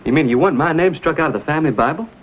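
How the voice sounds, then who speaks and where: A wry frontier adventurer. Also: male voice, a little high, expressive, very fast. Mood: defensive. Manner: wry, easygoing, cocky. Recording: dull old TV audio with hiss.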